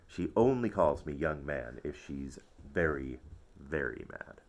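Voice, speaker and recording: A man reading a children's story aloud, expressive and playful. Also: very deep voice, unhurried. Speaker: storybook narrator.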